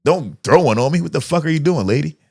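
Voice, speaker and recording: Animated, profane man telling stories. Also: on the high side, fast talker, vocal fry, husky. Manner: profane, animated storyteller who acts out quotes. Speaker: podcast host. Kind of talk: casual storytelling chat.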